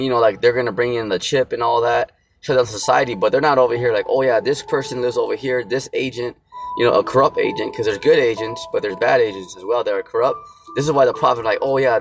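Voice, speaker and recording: A man's voice: medium pitch, vocal fry. A man preaching a casual sermon, rambling with lots of fillers and blunt slang. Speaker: street preacher. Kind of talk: casual sermon with scripture reading. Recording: music playing behind.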